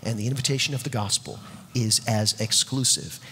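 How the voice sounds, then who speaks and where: A man preaching a sermon, emphatic and repetitive, dropping to soft low tones when reading scripture. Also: normal speed, slight background noise. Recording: long hall reverb, husky.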